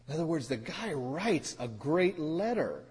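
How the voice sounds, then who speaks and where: A man's voice: a little high, big pitch swings, measured pace, a little mellow, breathy edge. A man preaching a sermon, teaching from scripture with emphatic repetition and wry asides. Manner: emphatic, repeats phrases, wry sarcastic asides. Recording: hall reverb.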